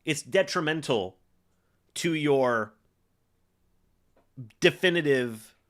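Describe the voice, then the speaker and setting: A young man hosting a live stream, reacting to a football game and calling plays in an excitable way, full of fillers. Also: on the high side, slow. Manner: excitable play-by-play with frequent fillers.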